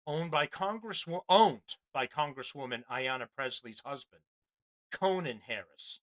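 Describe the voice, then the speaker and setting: A man's voice: medium pitch, expressive, a little slow, fairly bright tone. A male podcast host in an angry, profane and rambling political rant.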